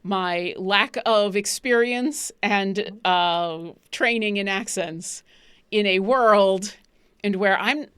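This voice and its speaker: A woman's voice: mid-range voice, slow pace, clean tone, no echo. Woman player chatting about her tabletop game, bouncy voice, laughs a lot, dry sound. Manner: animated, laughing, restarts often.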